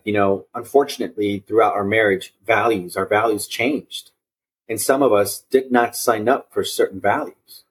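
A man's voice: on the low side, breathy edge. A man guest on a podcast, telling personal stories in an earnest, reflective way, often repeating and restarting his phrases. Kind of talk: reflective conversational storytelling.

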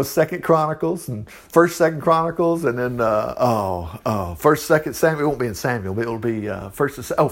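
Man preaching, middle-aged, folksy, leans in to his listeners, lively up-and-down delivery. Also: fairly high pitch. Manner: folksy and animated, addresses listeners directly, laughs often. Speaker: preacher leading a Bible study. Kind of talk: informal Bible teaching.

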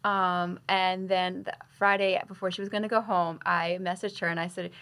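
A woman guest, a nurse, telling her story in a soft, affectionate way. Her voice sits low and has a clear gravelly fry running through it. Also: flat delivery, normal speed. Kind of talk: casual storytelling in an interview.

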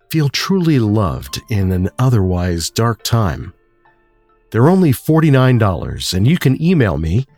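A man narrating a mystery story in a calm, measured way. His voice is lowish and husky, and it comes across dry and close to the mic. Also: no room sound. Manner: measured, steady reading. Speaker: narrator and host of a story show.

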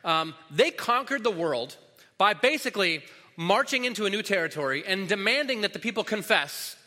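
A man preaches a sermon as pastor, his casual teaching full of fillers and restarts. His voice sits high and sounds expressive, bright, and forceful at a moderate pace, echoing with long reverb in a large hall.

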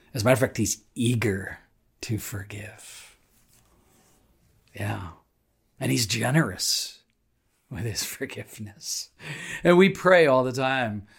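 A pastor with a gravelly edge in his voice reads a Bible parable and muses on it. He talks earnestly at a middle pitch, lifting his voice for quoted lines and dropping to soft, reflective asides. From Nashville, Tennessee. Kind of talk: devotional Bible reading and reflection.

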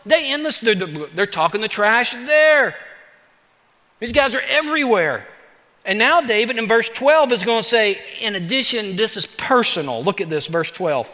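Bright high-voiced preaching man. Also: moderate pace. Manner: animated, conversational preaching with playful asides. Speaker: pastor. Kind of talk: sermon. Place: church sanctuary. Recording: church hall reverb.

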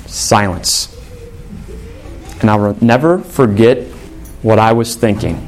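A man's voice: mid-range voice, a little slow, long pauses. A male pastor giving a sermon in a conversational, storytelling way, acting out the voices of the people he quotes.

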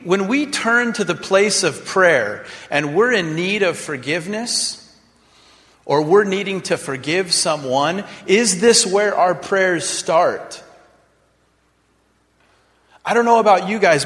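A pastor preaching in a reverberant hall. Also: male voice, high-pitched, a bit bright. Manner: dramatic, acts out prayers in mock voices. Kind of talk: sermon.

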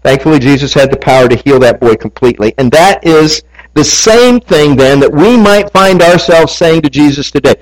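A man's voice: fairly high pitch, animated, normal speed, poor audio. A male pastor preaching a sermon, telling a story, reading scripture and asking his congregation questions. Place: church.

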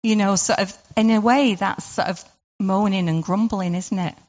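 A woman's voice: mid-range voice, fairly even intonation, normal speed, darkish tone, long reverb tail. A woman giving an informal devotional talk, chatty and full of rhetorical questions and "sort of" fillers. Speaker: devotional speaker. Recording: dull lo-fi recording.

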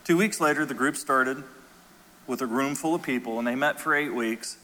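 Bright-voiced pastor preaching in a hall. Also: male voice, mid-range voice, moderate pace. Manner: animated storyteller, drops soft and quiet for tender moments. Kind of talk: sermon with storytelling. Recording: long hall reverb.

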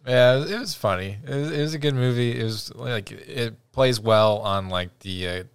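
A man's voice: mid-range voice, normal speed, vocal fry, smooth, dry recording. Man, podcast co-host, hesitant casual chat, dry close sound. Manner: hesitant, many fillers and restarts while thinking aloud.

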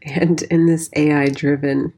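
Woman, forties, husky, deep-pitched, candid storytelling. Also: level tone, unhurried, mellow. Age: 40s. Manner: candid and heartfelt, swears freely. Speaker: dance teacher and studio owner. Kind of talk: personal storytelling monologue.

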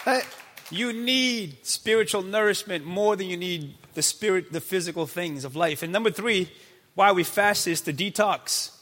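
High, bright-voiced energetic preacher man. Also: normal speed, some chatter behind, slight background noise. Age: 30s. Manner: energetic, playful, acts out God's voice. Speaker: pastor. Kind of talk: sermon. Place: church sanctuary. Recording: long hall reverb.

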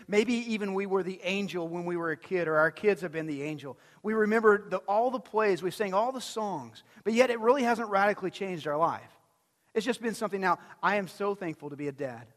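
A high-voiced pastor tells stories during his sermon in a loose, conversational way, asking the crowd questions as he goes. A long reverb carries his words, like in a church sanctuary.

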